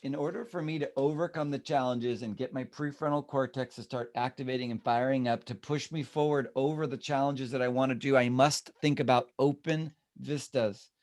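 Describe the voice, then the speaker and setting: A man's voice: mid-range voice, brisk, hardly any pauses. A man leading a real estate team meeting, talking animatedly and acting out the people he quotes. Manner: animated, acts out quoted voices.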